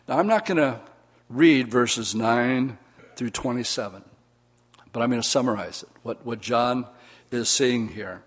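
A pastor preaching to his church congregation, a man of middle pitch who reads passages aloud and breaks off to talk plainly to his listeners. He urges them to call out responses as he goes. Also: a little slow, breathy edge. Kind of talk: sermon.

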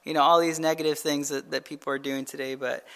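Guy pastor doing a laid back bible study, animated storytelling, keeps saying right?. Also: on the high side, quick pace, gravelly. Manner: casual, animated retelling with frequent "right?" asides. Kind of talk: conversational Bible teaching.

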